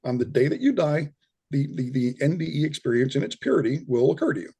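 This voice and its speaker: A man's voice: on the high side, big pitch swings, fast talker, mellow, slightly rough. A middle-aged man, a guest in an interview, explaining his views in a conversational way with frequent restarts and repeated words. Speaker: guest, near-death experience researcher. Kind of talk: casual interview talk.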